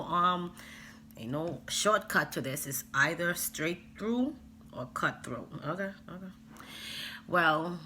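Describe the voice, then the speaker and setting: A woman vlogger talks straight to her viewers in a low yet bright, forceful voice. She is emphatic and animated, and she drops in asides as she lectures parents. Faint noise sits behind her. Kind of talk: casual vlog monologue.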